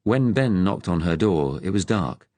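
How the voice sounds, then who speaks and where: A man reading a novel aloud in measured, even-toned narration. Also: low-pitched. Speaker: audiobook narrator. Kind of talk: scripted audiobook narration.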